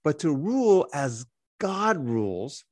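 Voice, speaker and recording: A man's voice: a little high, slow, dry recording, studio quality. A man co-hosting a podcast who reads Bible verses aloud and explains them in a conversational teaching style. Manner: animated, reads scripture aloud then explains it.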